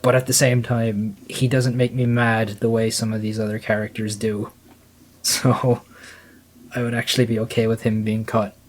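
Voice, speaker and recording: A man's voice: lowish voice, level tone, normal speed. A man co-hosting a casual panel discussion, rambling and swearing with lots of fillers. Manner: profane, rambling, many fillers. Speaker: podcast co-host.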